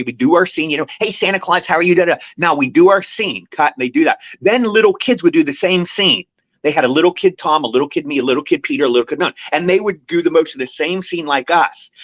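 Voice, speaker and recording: An older man with a fairly high voice, an actor appearing as a guest on an interview show, tells long, rambling anecdotes in casual conversation. The recording is dry with no echo, slightly muffled and lo-fi.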